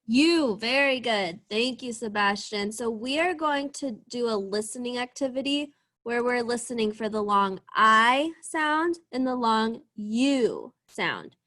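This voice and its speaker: A young woman leads an early reading lesson over a video call, her voice pitched a little high. She speaks slowly and stretches out each sound, praising the children as she goes. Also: lively intonation, a bit bright. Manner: slow, encouraging, drawn-out sounds. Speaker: teacher. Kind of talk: online class lesson.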